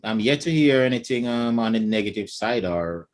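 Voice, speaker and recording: A man's voice: mid-range voice, lively intonation, moderate pace. A Jamaican man co-hosting a casual panel chat, talking with emphatic conviction. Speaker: co-host.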